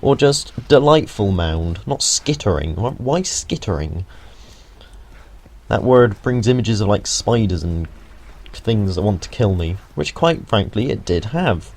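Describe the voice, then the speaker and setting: Low-voiced jokey gamer. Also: male voice, lively intonation, a little slow, a little mellow. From United Kingdom. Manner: jokey, rambling asides, mild swearing. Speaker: gaming video host. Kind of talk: casual gameplay walkthrough commentary.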